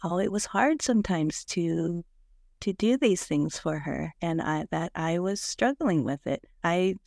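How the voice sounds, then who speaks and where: Woman in her 60s, podcast guest, thoughtful, soft-spoken, lowish voice, dry sound. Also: a little slow, vocal fry, no room sound. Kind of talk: reflective personal conversation.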